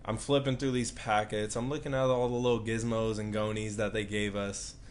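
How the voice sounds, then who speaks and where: A man's voice: on the low side, level tone, fairly quick, slight background noise. A man who works as a physical therapist, telling a personal story earnestly and reflectively as a guest in a live interview.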